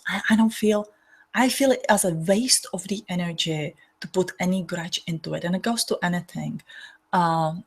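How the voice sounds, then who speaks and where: A woman's voice: on the low side, breathy edge. A woman reverend giving a spiritual talk and guiding a healing exercise, speaking earnestly in loose phrasing with many restarts.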